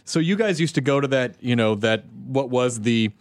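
A man's voice: mid-range voice, normal speed, no room sound, studio quality. A man hosting a podcast, chatting casually with a guest, laughing and swearing as he talks. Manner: laughs often, lively swearing banter. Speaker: podcast host. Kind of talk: casual chat.

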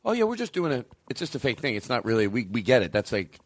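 A man's voice: mid-range voice, big pitch swings, fast talker, no echo. A man hosting a comedy podcast, rambling playfully and laughing through his banter. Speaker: podcast host.

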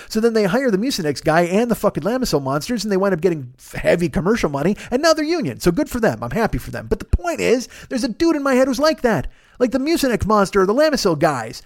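Profane, fast-talking male podcast host. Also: high voice, sing-song, no echo, studio quality. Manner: profane, rambling, self-deprecating. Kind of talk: comedic monologue.

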